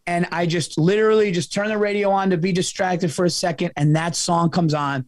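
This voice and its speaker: A man sits in as a podcast guest and tells a long story in easy, casual talk. His voice runs somewhat high and sounds dry and close. He swears freely, gets animated, and keeps calling his listener "dude". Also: fairly quick, dry recording.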